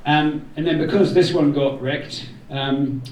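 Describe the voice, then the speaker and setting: A man's voice: on the high side, fairly even intonation, unhurried, a little mellow. A man gives an informal thank-you speech to a gathering, rambling a little with jokey asides. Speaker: event organiser giving thanks. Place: indoor community room. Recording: roomy hall, voice from far off.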